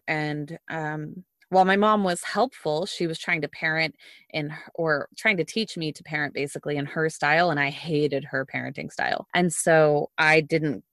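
A woman's voice: sits low, fairly bright tone, no echo, clean studio sound. A woman hosting a podcast interview, affirming her guest and then reflecting openly on her own experience. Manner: affirming listener, reflective when sharing. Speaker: podcast host. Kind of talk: conversational interview.

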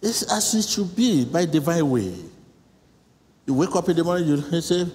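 A man preaches to a congregation in a large church hall, his high voice swinging widely as he repeats short prayer lines. The sound carries a long reverb with faint noise behind it. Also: expressive, normal speed, a little mellow. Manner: emphatic, repetitive call-and-response preaching. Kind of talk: church sermon.

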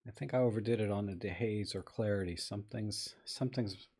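A man's voice: fairly low pitch, brisk, darkish tone, husky. A man hosting a live stream, talking casually and thinking aloud as he edits viewers' photos and greets people in the chat.

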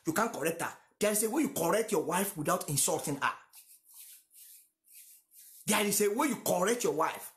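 High, lively Nigerian-accented preacher. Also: male voice, roomy sound. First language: Yoruba. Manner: emphatic, repeats lines for stress. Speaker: pastor. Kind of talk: sermon.

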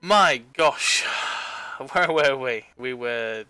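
A man's voice: mid-range voice, lively intonation, drawn-out words, pushed and bright, clear, resonant tone, no room sound. A man hosting a tabletop game online, chatting casually and telling story asides between laughs. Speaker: game host.

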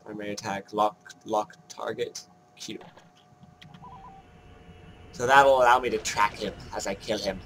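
A man's voice: lowish voice, steady tone, a little slow, long pauses, a bit bright, a little hiss or hum. Joking man narrating his gameplay. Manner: jokey, self-mocking, thinks aloud while playing. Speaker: gameplay commentator. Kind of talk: casual let's-play commentary.

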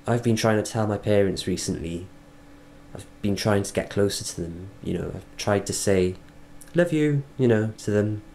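A Welsh man speaking earnestly in a reflective video diary, halting and restarting as he thinks. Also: lowish voice, steady tone, darkish tone, a little hiss or hum. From Wales. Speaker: vlogger.

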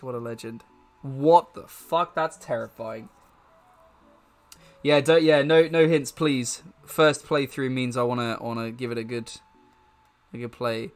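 Man, game streamer, live let's-play commentary, profane, jokey, mid-pitched voice. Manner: profane and joking, laughs often.

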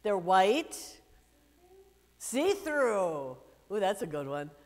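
A woman pastor reading scripture and then giving a gentle children's sermon, playfully asking the children questions. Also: medium pitch, very animated, extremely slow. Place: church sanctuary. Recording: long church reverb.

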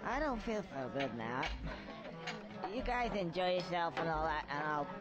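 A man's voice: a little high, big pitch swings, moderate pace. An actor playing a cheeky young male squirrel who rambles through a story and mumbles groggily after drinking, in a video game. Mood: tipsy. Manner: chatty storyteller, slurring and groggy when drunk. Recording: game audio with music behind.

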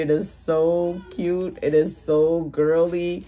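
Woman vlogger, unboxing gifts, low-pitched, unhurried, gushing and close to tears. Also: flat delivery, dark tone. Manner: gushing, emotional, exclaims often. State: tearful at times. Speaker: vlogger hosting a giveaway challenge. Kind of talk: casual unboxing vlog.

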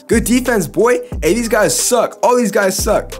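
A young man with a bright, high voice narrates his video game play by play. He talks in quick bursts, hyping himself up and mocking the other team. Soft music plays faintly underneath. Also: expressive. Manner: hyped, trash-talking, rapid reactions. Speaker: gaming YouTuber. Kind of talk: excited gameplay commentary.

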